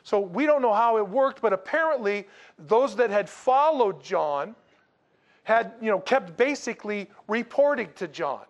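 A male pastor preaching a sermon in a conversational, animated way, with rhetorical questions and slangy asides. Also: high-pitched, a little slow.

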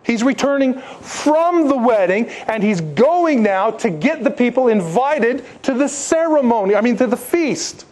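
A man preaching a sermon with a notably high voice. He presses his points with rhetorical questions and breaks off into animated asides. He sounds a little congested. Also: measured pace, few pauses. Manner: emphatic, rhetorical questions to the congregation. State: congested, needing tissues. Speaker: pastor.

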